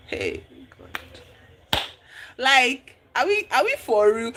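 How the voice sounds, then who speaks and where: A streamer, recapping a movie in casual chat, telling the story with lively exclamations and acting out the characters' lines. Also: medium pitch, measured pace. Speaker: livestream host.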